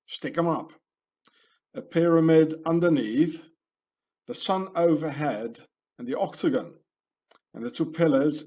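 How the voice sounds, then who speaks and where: Brief: male voice-over narrator, unhurried, ranting, rambling delivery. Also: mid-range voice, a little mellow, husky. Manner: rambling, ranting, heavy with fillers. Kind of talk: conspiracy video voice-over.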